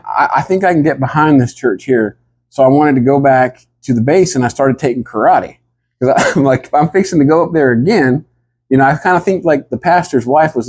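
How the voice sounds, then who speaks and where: A man telling a rambling comic story in a deadpan, drawling way and acting out what the others said. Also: medium pitch, breathy edge. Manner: drawling, rambling, acts out the other people's lines.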